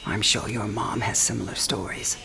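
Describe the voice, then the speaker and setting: A woman's voice: a bass voice, steady tone, normal speed, creaky, bright, forceful tone, a little hiss or hum, full character voice. An actress playing a dying old woman who talks frankly, teasing and tender by turns. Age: older. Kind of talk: game cinematic voice acting.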